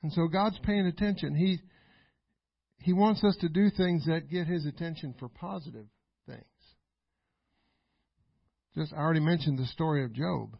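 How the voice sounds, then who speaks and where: A man pastor preaching a sermon, emphatic and repetitive, building to loud exclamations. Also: on the high side, vocal fry, no echo. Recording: dull, dry lo-fi recording.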